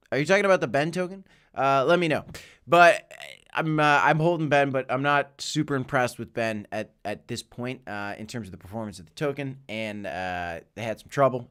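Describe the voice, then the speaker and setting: Smooth-voiced upbeat male crypto streamer. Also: mid-range voice, fairly bright tone. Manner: upbeat, joking, chatty asides. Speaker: crypto livestream host. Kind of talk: live market commentary reading viewer chat. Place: home office.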